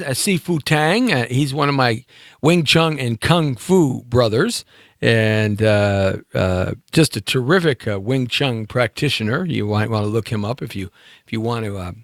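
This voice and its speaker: A man hosts a live show and wanders from thought to thought with fillers and little jokes. His pitch swings widely as he talks. The sound is dry and close. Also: a bit bright, no echo. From United States. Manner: musing, meandering, jokey with many fillers. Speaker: talk show host. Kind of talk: rambling live-stream monologue.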